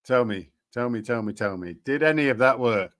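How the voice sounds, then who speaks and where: A man's voice: mid-range voice, animated, fairly quick, fairly bright tone. A man hosting a casual commentary show, sarcastic and rambling, with frequent hesitations. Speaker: host.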